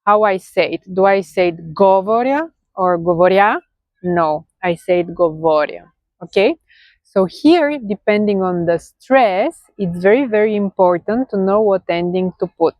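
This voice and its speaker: A woman's voice: medium pitch, normal speed, no echo, dull audio. A woman with a Bulgarian accent teaching a grammar lesson in English, patiently checking in with "okay?". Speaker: language teacher.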